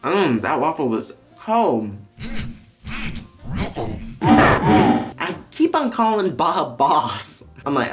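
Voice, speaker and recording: A young man vlogging while high, excitable and rambling as he paints along and talks to the camera. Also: slow pace, pauses often, faint music behind. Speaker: YouTuber. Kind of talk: casual vlog commentary.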